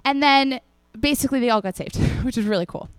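In a high, clear, resonant voice with no echo, a young woman preaches a casual sermon at a fairly quick clip. Chatty and lively, she acts out each person in the stories she shares with the congregation.

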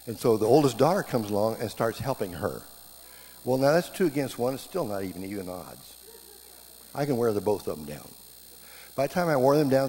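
A middle-aged man preaching a sermon, telling stories in a lively way and jumping up in pitch when he acts out scenes. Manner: animated storytelling, voice jumping up in reenactments. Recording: hall reverb with faint background hum.

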